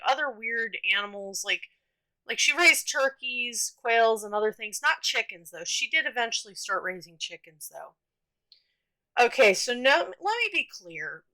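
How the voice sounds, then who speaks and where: A woman's voice: on the high side, pushed and bright, poor audio. A young woman casually telling stories from her childhood, chatty and rambling with lots of fillers and restarts. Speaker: storytime vlogger. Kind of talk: casual storytelling.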